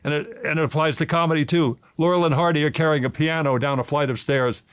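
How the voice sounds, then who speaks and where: A man in his seventies, an actor and author, tells stories in an animated interview and grows emotional as he talks, his pitch rising when he gets excited. He speaks at a quick pace, and the recording is clean with no room sound.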